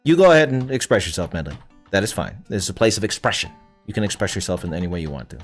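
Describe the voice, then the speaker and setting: A man's voice: low-pitched, big pitch swings, very fast, faint music behind. A young man from Canada streaming a game, chatting casually with viewers in a profane, rambling way. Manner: profane, rambling, talks back to chat. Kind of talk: casual livestream chat with viewers.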